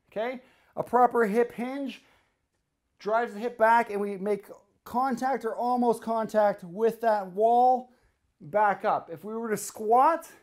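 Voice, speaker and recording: Breathless man coaching a workout. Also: high-pitched. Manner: coaching cues, counting reps between efforts. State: out of breath during sets. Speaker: fitness coach. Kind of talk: workout instruction while exercising.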